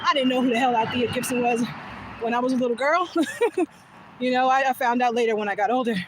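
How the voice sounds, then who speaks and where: A woman's voice: a little high, steady tone, fast talker, noisy background. A woman vlogging while walking outdoors, telling an emotional story in a casual way, laughing often and sometimes dropping to a whisper. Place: outdoors, walking back from voting.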